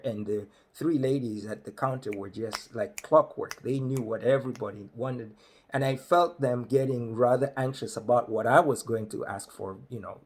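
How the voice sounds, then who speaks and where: A man's voice: medium pitch, darkish tone, slightly rough. A man from Africa with an African English accent, telling a comic story conversationally and acting out the voices of the people in it. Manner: conversational, acts out other voices. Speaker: comedic storyteller. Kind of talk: comedic storytelling.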